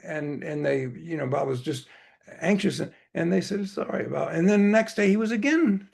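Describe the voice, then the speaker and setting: A man giving a storytelling presentation, rambling loosely with fillers and restarts. His voice is gravelly and husky, set a bit high for a man. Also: moderate pace, a little mellow. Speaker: speaker at a devotional gathering.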